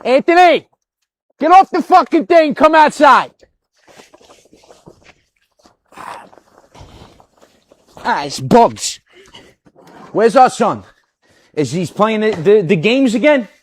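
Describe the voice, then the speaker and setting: Brief: swearing, fed-up dad, played by a man, voice swinging wildly from mutters to yells, comedy reel. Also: extremely high pitch, big pitch swings, a little slow, pauses often, exaggerated voice. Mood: yelling. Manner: cursing, grumbling, barking at family. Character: loud, cursing suburban New York dad.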